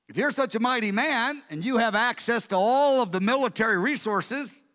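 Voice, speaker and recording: A man preaching a sermon, telling the story in an animated, conversational way. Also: very high voice, big-room sound.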